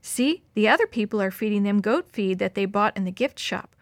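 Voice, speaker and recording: A woman's voice: mid-range voice, expressive, a little fast, no room sound, close to an everyday voice. A woman voicing a sensible girl who scolds her brother, read from a storybook. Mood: sweet. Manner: scolding, indignant. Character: girl, a bossy sensible younger sister.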